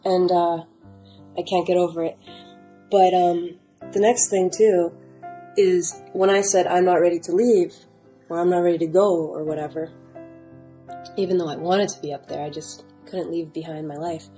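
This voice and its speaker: A young woman tells her story in a loose, rambling way, stumbling over fillers and restarts. Her voice sits a little low and sounds soft and warm. Quiet guitar music plays faintly behind her. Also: steady tone, moderate pace, long pauses, low-quality recording. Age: young adult. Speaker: storyteller sharing a near-death experience. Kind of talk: casual first-person testimony. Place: at home.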